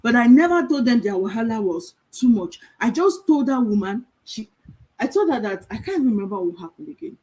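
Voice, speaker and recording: A middle-aged woman, giving a calm motivational talk as a virtual assistant coach, telling stories and asking rhetorical questions. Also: on the high side, brisk, breathy edge, low-quality recording.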